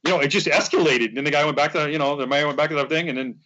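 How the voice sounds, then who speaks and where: Very fast and forceful, a man with a fairly high, bright voice chats on a podcast as a superfan guest. He rambles through a story and acts out the quotes, and the sound is lo-fi.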